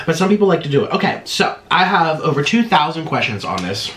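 A man's voice: fairly high pitch, big pitch swings, quick pace, a bit bright, slight background noise. A man chatting casually to viewers while eating, humming with his mouth full between sentences. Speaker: mukbang vlogger.

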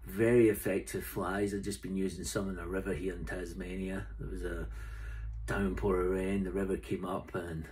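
In a casual vlog shot while camping on the road, a middle-aged Scottish fly tier rambles and jokes about the flies he makes and sells. His voice is low-pitched, level, a little mellow and at normal speed, with a little hiss or hum on the recording.

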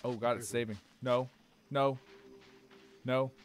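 A young man streaming a game live, swearing and reacting loudly to what happens on screen. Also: mid-range voice, fairly even intonation, slow pace.

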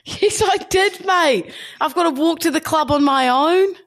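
A woman's voice: high voice, unhurried. Cheeky woman co-host. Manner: cheeky, teasing. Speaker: podcast co-host. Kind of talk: casual chat.

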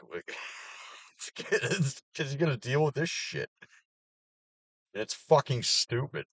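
A man's voice: medium pitch, animated, takes it slowly, gravelly, long pauses, a bit bright, no room sound. A man in his thirties ranting casually and profanely, with sarcastic laughs. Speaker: vlogger. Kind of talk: casual rant to camera.

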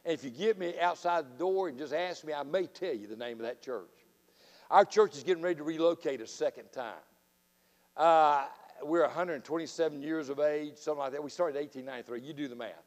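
Middle-aged Southern man, high-pitched and fiery revival preacher, folksy storyteller with loud bursts and low asides. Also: a little fast. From Florida. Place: church sanctuary. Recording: long reverb of a church sanctuary.

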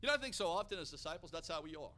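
An American man preaching a sermon, energetic and building to loud, emphatic peaks. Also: fairly high pitch, very fast.

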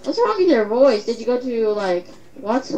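A woman chatting excitedly and giggling while playing a video game with a friend. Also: on the high side, poor audio. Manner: excitable, giggly, quick exclamations.

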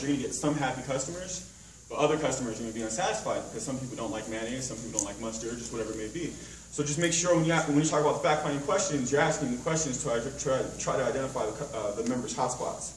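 Recorded far from the mic in an echoey hotel room with background noise, this man coaches a sales team during a meeting. He speaks at a medium pitch, wandering casually through his points with lots of filler words and comparisons.

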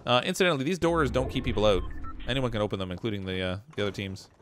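A man's voice: lowish voice, very fast, a bit bright, soft background music. A man from Canada giving casual, jokey commentary while streaming a shooter game. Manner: chatty, laughs often, jokey asides.

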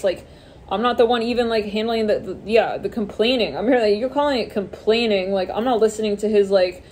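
A woman's voice: medium pitch, dark tone, slight background noise. A woman giving a casual tarot reading, rambling with many fillers and swearing offhandedly. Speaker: tarot reader.

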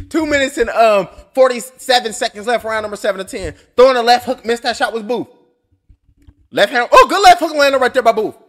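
A man calling a boxing fight blow by blow, loud and excitable, cursing freely and joking between punches. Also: extremely high pitch, a little fast. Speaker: boxing commentator. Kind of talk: live blow-by-blow commentary.

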